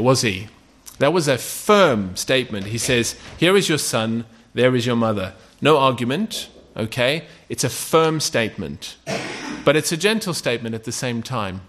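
A man with a mid-range, fairly bright voice preaches a sermon conversationally. He frequently checks in with "okay?" and poses rhetorical questions.

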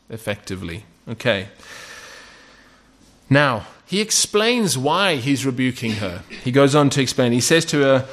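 A man's voice: mid-range voice, big pitch swings, moderate pace, fairly bright tone. A man preaching a sermon in a conversational way, often checking in with "okay?" and asking rhetorical questions.

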